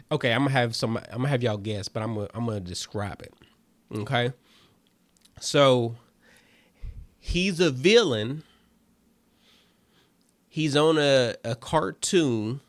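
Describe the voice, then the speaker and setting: A man's voice: medium pitch, slow pace, long pauses, no room sound. A comedian hosting his own show, chatting casually and loosely to listeners with lots of fillers and calling them family. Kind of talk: casual solo chat to listeners.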